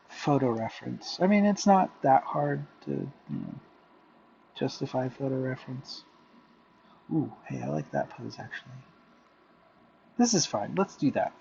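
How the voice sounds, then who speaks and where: A man chatting casually to viewers while he draws, rambling and muttering softly to himself. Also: medium pitch, creaky, dull audio, slight background noise. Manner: rambling, self-talking, drifts into soft muttering. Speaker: drawing vlogger. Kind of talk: casual talk while drawing. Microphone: headphones with mic.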